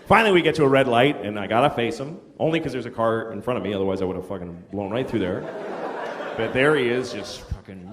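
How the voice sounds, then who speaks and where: A man's voice: mid-range voice, lively intonation, fast talker. A middle-aged man doing a profane stand-up routine, telling an incredulous story and acting out an angry driver. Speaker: stand-up comedian. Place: large theater stage. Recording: live theater with echoing hall, crowd laughter.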